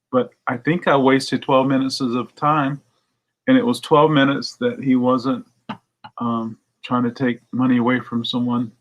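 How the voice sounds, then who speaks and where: A man hosting a casual morning chat to viewers from his record shop, telling a story and acting out phone calls in high excited voices. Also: muffled recording. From United States. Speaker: record store owner hosting a morning show.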